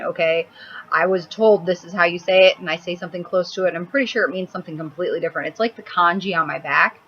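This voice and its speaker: A blunt, cranky woman with a low voice who swears freely as she rambles through a casual makeup vlog. She talks into a laptop mic at home. The audio is a little dull, with a faint hiss. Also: pushed and bright. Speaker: makeup vlogger.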